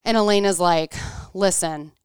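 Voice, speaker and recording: A woman's voice: on the low side, moderate pace, smooth, no room sound, clean studio sound. A woman in her thirties in casual chat, telling a story animatedly, acting out quotes and saying "like" a lot.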